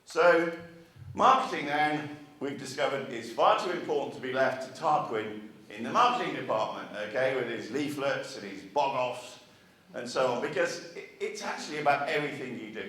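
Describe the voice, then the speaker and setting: A man's voice: mid-range voice, expressive, moderate pace, fairly bright tone. A man delivers a marketing talk at a meeting, keeping it conversational and throwing questions back at the audience. His voice sits mid-range. It is picked up from a distance and rings heavily around a large, echoey hall. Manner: chatty, asks the audience rhetorical questions. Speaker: marketing speaker. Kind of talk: conference speech to an audience. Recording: echoey hall, mic far off.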